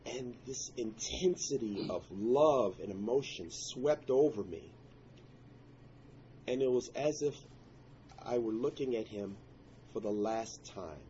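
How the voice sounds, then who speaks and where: A man's voice: medium pitch, lively intonation, slow, warm tone, muffled recording, slight background noise. A man telling a personal story in an earnest, intense way, breaking into prayerful exclamations. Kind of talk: personal story told to listeners.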